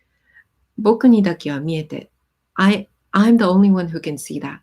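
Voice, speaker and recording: A woman hosting a casual live stream, reading song lyrics and explaining their meaning with many pauses and "um"s. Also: lowish voice, warm tone. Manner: thoughtful, pauses with many "um"s, reads lyrics aloud then explains.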